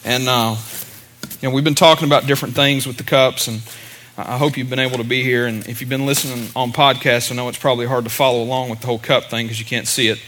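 A man's voice: medium pitch, steady tone, quick pace, fairly bright tone, slight background noise. A middle-aged male pastor preaching a casual sermon, chatty and full of "you know" fillers.

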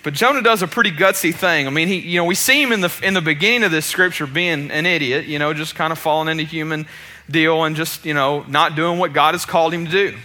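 A man's voice: a little high, fast, sharp tone. A man preaching a sermon, telling a story in a casual, chatty way with many restarts and self-deprecating asides.

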